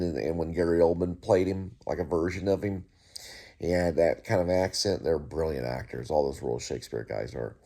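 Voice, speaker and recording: A man's voice: low voice, mellow. A middle-aged man hosting his own show, rambling through a casual monologue with many restarts and asides. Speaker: host.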